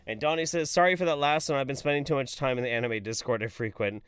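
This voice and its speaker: A man's voice: mid-range voice, fast talker, fairly bright tone, smooth. A man hosting a live stream, reading chat messages aloud in a jokey, casual way and swearing freely.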